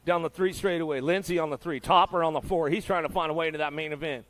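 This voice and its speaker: Race announcer, man, somewhat high voice, quick slangy play-by-play, hyped but easygoing. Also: fairly even intonation, fairly bright tone. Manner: hyped, laid-back slang-filled patter. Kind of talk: live play-by-play commentary.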